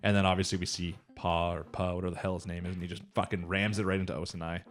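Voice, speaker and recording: A podcast co-host with a low, level voice talks very fast as he casually recaps an anime episode. He acts out the characters' lines and swears and laughs a lot along the way.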